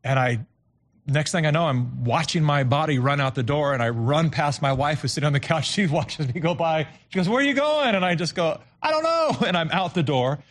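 A man who is a studio guest, telling a personal story in an earnest, reflective, halting way. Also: fairly high pitch.

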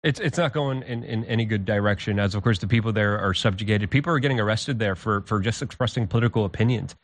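A man's voice: on the low side, fast talker. Talk show guest, man, heated, repeats words as he goes. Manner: heated, repetitive restarts.

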